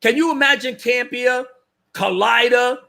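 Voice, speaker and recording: A man hosting a livestream, ranting loudly in slangy casual commentary, often laughing and restarting his words. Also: very high-pitched, measured pace, vocal fry. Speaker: livestream host.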